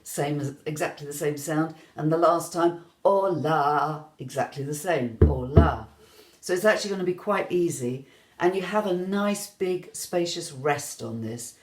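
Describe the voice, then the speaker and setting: A woman teaching an online rhythm lesson, gentle and encouraging, singing out the beats as she counts them. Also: low voice, a little slow. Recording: echoey room.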